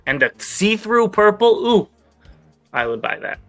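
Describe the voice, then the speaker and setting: A man co-hosts a casual talk show, moving through news items with quick, easygoing remarks. His voice sits a touch high and comes across bright and forceful. Faint music plays under the conversation. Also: big pitch swings. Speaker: co-host of a toy news show. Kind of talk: casual chat.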